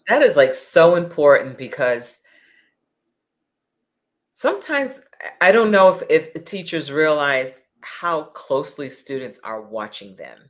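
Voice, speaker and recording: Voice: medium pitch, big pitch swings, measured pace. An older host and career counselor, speaking in a reflective, conversational way on an interview show.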